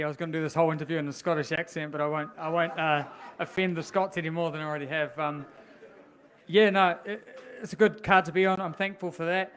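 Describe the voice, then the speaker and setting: New male fighter, raised pitch, joking but confident. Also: a bit bright. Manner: cheeky, joking, then tough talk. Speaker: boxer. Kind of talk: post-weigh-in interview.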